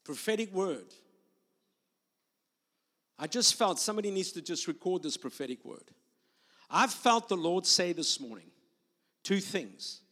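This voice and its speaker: High-voiced male preacher in a reverberant hall. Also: expressive, unhurried, long pauses. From South Africa or Australia. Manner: storytelling, rising to loud proclamation. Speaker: guest preacher. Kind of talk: sermon with prophetic ministry. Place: church sanctuary. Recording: long reverb of a large hall.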